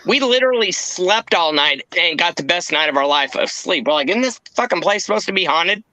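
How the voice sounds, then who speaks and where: A man's voice: sits high, expressive, brisk, sharp tone, dry recording, poor audio. A man in a casual podcast chat, ranting with constant swearing and mocking impressions.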